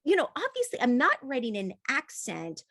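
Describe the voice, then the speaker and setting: A woman's voice: high voice, wildly swooping pitch, normal speed, a bit bright, no room sound, studio quality. A woman author talking in an interview, thoughtful and laughing often, with frequent restarts. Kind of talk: conversational interview.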